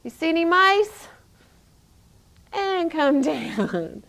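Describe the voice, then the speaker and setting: A woman's voice: very high voice, very animated, very slow, creaky, fairly bright tone. A woman yoga teacher and physical therapist guiding a child through a yoga class, encouraging and playful, with animal sounds.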